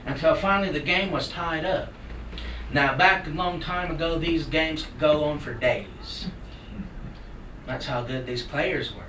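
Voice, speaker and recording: A man storytelling a folk tale live, lively and animated as he acts out the action. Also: on the high side. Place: indoor talk venue. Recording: roomy room from far off, noisy.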